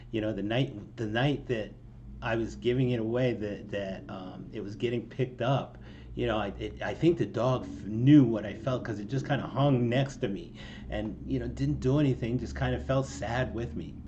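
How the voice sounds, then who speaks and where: Here a songwriter casually walks through his own song line by line, his medium-pitched voice a little mellow on a lo-fi recording with slight background noise. He rambles self-deprecatingly, laughing now and then amid plenty of ums and false starts.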